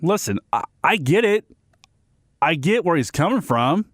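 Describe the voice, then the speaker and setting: A man's voice: fairly high pitch, big pitch swings, measured pace, no room sound, clean studio sound. A man hosting a sports radio segment, giving blunt, ranting opinions and often restarting and repeating himself.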